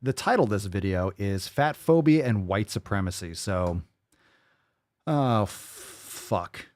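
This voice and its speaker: A man hosting a livestream podcast, talking in a crude, loud and mocking way. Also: lowish voice, expressive, normal speed, no room sound, clean studio sound. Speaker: podcast host.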